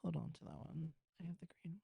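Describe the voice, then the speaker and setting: A woman who is a podcast guest in casual chat, sassy and excitable. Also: sits low, quick pace, gravelly, breathy edge, no echo.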